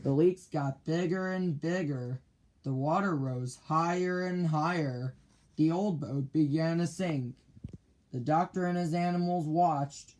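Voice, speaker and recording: A man reading a children's picture book aloud in a slow, clear storytelling manner. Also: fairly high pitch, a little mellow.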